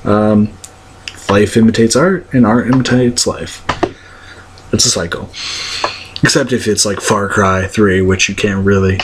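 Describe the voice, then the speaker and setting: A man's voice: fairly low pitch, fairly even intonation, a little slow, long pauses, a little hiss or hum. A young man ranting casually to his viewers, blunt and profane, rambling with many fillers. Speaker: vlogger. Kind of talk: casual rant to camera.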